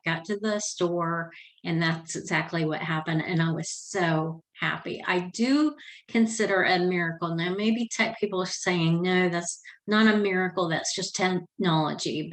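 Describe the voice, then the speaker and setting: A woman's voice: on the low side, low-quality recording. Earnest older woman telling a story. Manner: chatty and earnest, with small restarts. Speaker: Christian vlogger. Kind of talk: casual personal storytelling.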